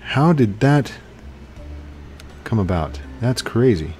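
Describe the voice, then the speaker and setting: A young man giving casual let's-play commentary as a gaming YouTuber, excitable, yelling at other players and then apologizing, laughing often. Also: mid-range voice, takes it slowly.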